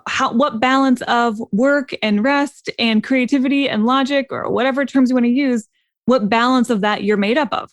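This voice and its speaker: A woman's voice: on the high side, normal speed, no room sound. A woman co-hosting a casual advice podcast, talking in an agreeable way and laughing often. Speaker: podcast co-host.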